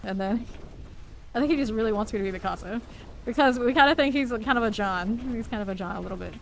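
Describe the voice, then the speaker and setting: A woman's voice: on the high side, quick pace, gravelly, slight background noise, low-quality recording. Chatty woman streaming a game. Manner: chatty, laughs often, playful exclaiming. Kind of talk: casual chat while live gaming.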